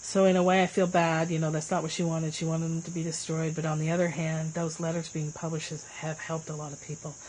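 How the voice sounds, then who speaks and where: Woman livestream host, casual and chatty, slightly low voice; faint cricket noise under the mic. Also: brisk, hardly any pauses, low-quality recording. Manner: chatty, answers viewer comments, lively swings in pitch.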